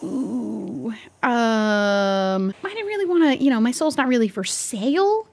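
A woman's voice: a little high, lively intonation, a little slow, gravelly, a little mellow, a little hiss or hum. A young woman role-playing in a game, nervous and jokey, rambling and stammering. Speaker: Minecraft roleplay streamer. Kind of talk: in-character game roleplay chat.

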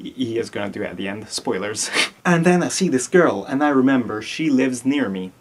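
A man's voice: mid-range voice, expressive, normal speed. Young italian guy, slight accent, keeps cracking up while telling a story on camera. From Italy. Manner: giggly, keeps breaking into laughter. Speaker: vlogger.

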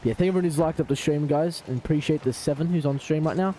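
A man with an Australian accent streaming a car-ball game live, talking to chat and trash-talking opponents in excitable banter. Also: on the high side, fast talker, slight background noise. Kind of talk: live gaming commentary.

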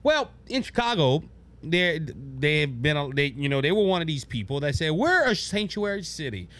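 A man hosting a political talk show, delivering an animated commentary monologue and mocking the people he quotes. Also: on the high side, moderate pace, smooth. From Louisiana.

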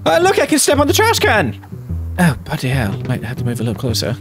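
Animated man doing game commentary. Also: fairly high pitch, fast. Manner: animated, laughing, exclaiming. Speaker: gaming video host. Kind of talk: let's play commentary. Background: game music.

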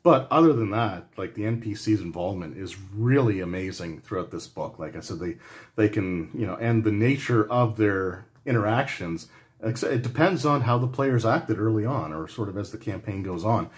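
A man's voice: fairly low pitch, lively intonation, normal speed. A man giving a casual spoken review of a tabletop game book, talking loosely with frequent restarts and fillers. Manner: conversational, rambling with frequent restarts and "like".

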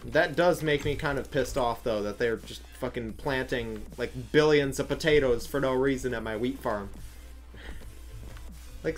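A livestreamer chatting casually while playing, reacting out loud, swearing and talking to viewers and teammates. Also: mid-range voice, soft background music. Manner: reacting aloud, swearing, quick laughs. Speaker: livestreamer playing a block-building game. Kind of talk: casual live gameplay chat.

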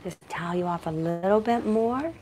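A woman's voice: lowish voice, normal speed, darkish tone, soft background music. A woman who works as a professional dog groomer, giving a chatty grooming demonstration indoors in her shop and talking both to the dog and to viewers.

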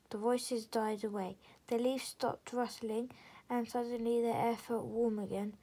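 A woman reading a children's chapter book aloud as storyteller, steady with small slips. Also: fairly high pitch, a little slow, rough recording.

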